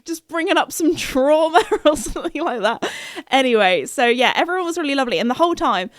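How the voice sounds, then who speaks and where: A woman's voice: lively intonation, a little fast, no room sound, studio quality. A young woman, hosting a podcast and telling a story in a casual, chatty, giggly way. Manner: chatty, giggly, jumps into high-pitched quoted voices. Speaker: podcast host.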